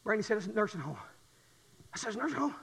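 A middle-aged man preaching a sermon, swinging from quiet testimony to shouted fervor. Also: high-pitched, sing-song, rapid-fire, vocal fry, husky, long reverb tail.

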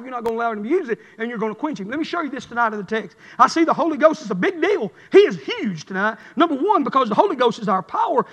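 A man with a very high-pitched, slightly bright voice preaches a revival sermon in a church sanctuary, his cadence rhythmic and building. The recording has long hall reverb.

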